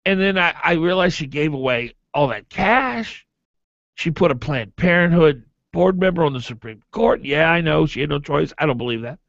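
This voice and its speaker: A man's voice: a little high, lively intonation, normal speed, vocal fry, a bit bright, no room sound. Talk radio host, male, emphatic and argumentative, dull dry broadcast sound. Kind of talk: opinionated talk radio commentary. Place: radio studio.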